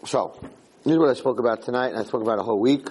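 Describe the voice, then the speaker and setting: A man's voice: medium pitch, racing, background noise. A tired man teaching an informal Torah class, telling a joke in a chatty, storytelling way. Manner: chatty storyteller, acts out the characters. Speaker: rabbi giving a Torah class.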